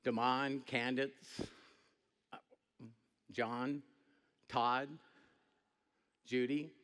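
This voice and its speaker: A middle-aged man giving a motivational stage speech, animated and joking, breaking into shouts. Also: medium pitch, very slow, clear, resonant tone. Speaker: network marketing speaker. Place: stage before a large audience.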